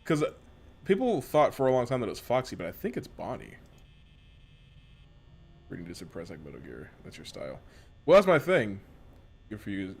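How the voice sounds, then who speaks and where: A man's voice: on the low side, huge pitch swings, moderate pace, creaky, long pauses, breathy edge. A man from the western United States chatting casually and profanely while streaming a game, rambling with lots of slang. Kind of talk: casual gameplay chat.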